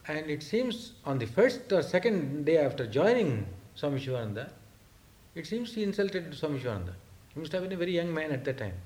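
An older man recounting memories of his teacher in a spoken talk, hesitant, with frequent fillers, and animated when he quotes others. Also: fairly high pitch, brisk. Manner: hesitant storytelling with many fillers, acting out quoted speech. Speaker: speaker recounting memories of a guru.

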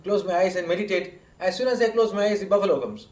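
A man's voice: high voice, quick pace, a little mellow, close to an everyday voice. A man voicing an honest young boy who is fond of his buffalo, speaking earnestly and simply in a roomy space. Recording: roomy echo.

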